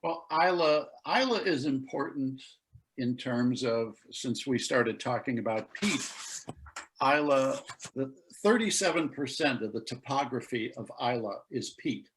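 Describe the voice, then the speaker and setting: An American man with a middle-pitched voice talks as a guest expert on a video call. He explains things at a steady, measured pace, telling small stories along the way. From United States. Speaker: spirits critic, guest expert.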